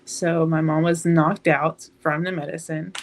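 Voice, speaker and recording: An eighteen-year-old woman, a podcast guest, telling a painful personal story in a halting, emotional way. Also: deep voice, flat delivery.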